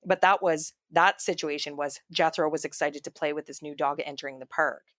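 Woman, low voice, casual podcast chat, rambling with fillers, dry close sound. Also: steady tone, a little fast, fairly bright tone, no echo. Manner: chatty storytelling with many fillers and restarts. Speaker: podcast co-host.

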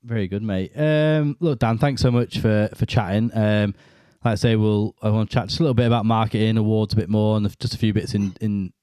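A man hosting a casual interview, easygoing and relaxed, laughing along with his guest. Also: fairly low pitch, brisk, hardly any pauses, smooth, dry recording, studio quality. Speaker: podcast host.

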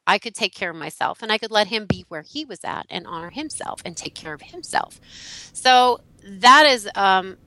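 A middle-aged woman guest who teaches about relationships, telling a personal story in an animated way, laughing and acting out what people said. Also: mid-range voice, normal speed, a little hiss or hum, rough recording. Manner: animated, laughing, acts out quotes. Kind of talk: storytelling in a podcast interview.

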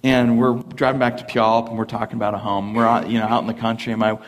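A young adult man, a pastor, preaching a sermon at a church service, mixing lively family stories and laughter with earnest points. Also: medium pitch, fast. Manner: animated, laughing storyteller who then turns earnest. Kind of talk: sermon with humorous storytelling.

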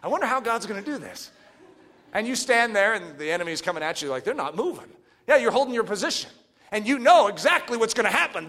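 A man preaching a sermon, animated and swinging from hushed asides to shouts. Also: sits high, fast. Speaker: pastor.

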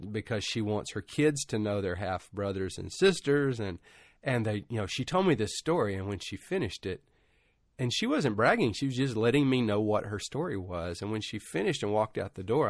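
A man's voice: fairly low pitch, no echo. A middle-aged man giving a conversational sermon and telling stories, rambling informally with many asides, his voice rising at emotional peaks. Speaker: preacher.

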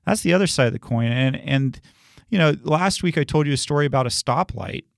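A man's voice: fairly high pitch, lively intonation, fairly quick, vocal fry, no room sound, studio quality. A man co-hosting a Christian discussion podcast, talking earnestly and acting out quoted speech. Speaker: podcast co-host.

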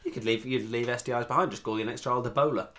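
An English man co-hosting a casual podcast chat, rambling and quick to laugh. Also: mid-range voice, fairly even intonation, a bit bright. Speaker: podcast co-host.

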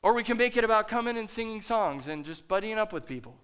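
Bright-voiced, passionate male pastor preaching. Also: sits high, animated, fast talker, smooth. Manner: passionate, preaching with rising intensity. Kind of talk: sermon.

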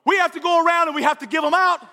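A man's voice: very high-pitched, fairly even intonation, very fast, bright, forceful tone. A man preaching a sermon fervently, often repeating himself and raising his voice. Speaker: pastor. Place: church sanctuary. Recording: reverberant church hall.

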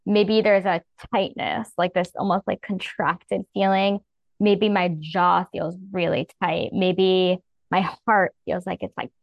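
A woman's voice: mid-range voice, creaky, no echo. Woman, breathwork coach, soothing and earnest, dry close sound, a little muffled. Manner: soothing, earnest, filler-heavy with "like". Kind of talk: guiding a breathing practice in casual talk.

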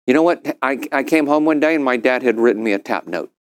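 A man's voice: medium pitch, quick pace, smooth. A middle-aged man speaking to a business group, telling stories and acting out other people's lines in a raised voice. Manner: animated, acts out quotes in a raised voice. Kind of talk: storytelling talk to a group.

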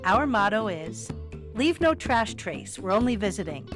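A woman's voice: mid-range voice, very animated, a little slow, music in the background. A woman co-hosting a podcast, chatting casually and telling stories expressively. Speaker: podcast co-host, yoga and meditation teacher.

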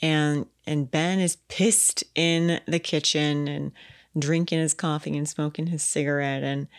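Deep-voiced female podcast co-host, casual film recap, acts out the characters' lines. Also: a little slow. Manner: animated retelling, acting out characters' lines in quotes. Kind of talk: casual film review chat.

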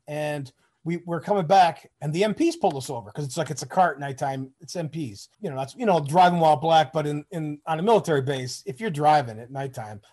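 A man's voice: fairly high pitch, darkish tone. A middle-aged man from Michigan, a former soldier, telling rambling, profane stories in a casual interview. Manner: rambling, profane, acts out quoted voices. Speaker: guest, Army veteran.

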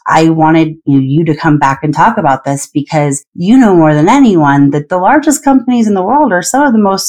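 A woman's voice: on the low side, a little mellow. A woman podcast host interviewing a guest in casual talk, agreeable and affirming.

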